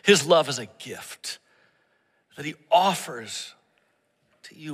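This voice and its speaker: A man preaching a sermon as pastor, swinging from raised, emphatic lines to hushed, prayerful murmurs. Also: on the high side, big pitch swings, takes it slowly, pauses often, breathy edge, big-room sound. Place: church service that is also streamed online.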